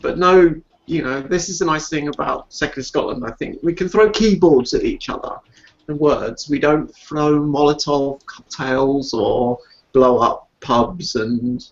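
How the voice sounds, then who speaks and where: A man's voice: fairly high pitch, measured pace. A man in casual chat on a discussion show, talking hesitantly and often restarting. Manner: hesitant, with many fillers and restarts. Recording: dull lo-fi sound.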